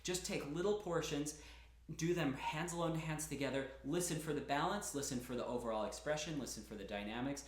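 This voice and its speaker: A man's voice: fairly high pitch, brisk. Roomy-sounding man teaching piano. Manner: chatty and encouraging, breaks off to demonstrate. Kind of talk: casual spoken piano lesson. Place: room with a piano. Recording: roomy echo with piano playing.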